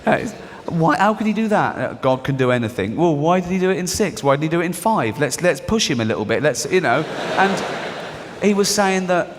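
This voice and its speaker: A man's voice: a little high, animated, fairly quick, long reverb tail. A middle-aged Englishman with an English accent doing a mocking stand-up comedy routine. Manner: mocking, sardonic, acts out characters in the bits.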